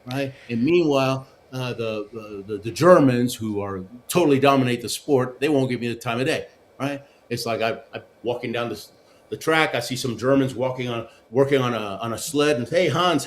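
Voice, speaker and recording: Middle-aged male interview guest, animated raconteur who keeps asking "right?". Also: medium pitch, a little fast. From Argentina and the United States. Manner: animated storyteller, many restarts and "right?" tags. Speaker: guest, former Olympic luge athlete. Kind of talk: casual storytelling interview.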